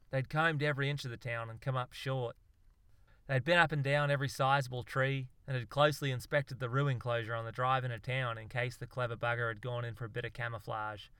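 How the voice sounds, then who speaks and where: A man reads a comic story in a dry, wry storytelling manner. His voice is bright and crisp, with an average pitch. The recording sounds dry and close. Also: dry recording. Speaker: narrator. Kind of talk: audiobook narration.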